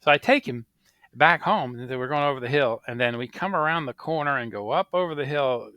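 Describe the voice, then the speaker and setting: The recording is dry and somewhat dull as a man in his thirties, co-hosting a podcast, tells stories at a fairly quick pace in a medium-pitched voice. In casual chat, he animatedly acts out the voices of the people in his stories.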